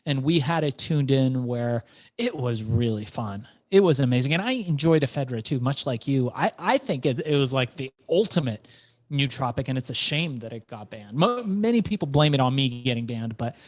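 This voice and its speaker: A middle-aged man, an entrepreneur guest, telling his story in an animated interview and repeating words as he goes. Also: mid-range voice, moderate pace, no room sound.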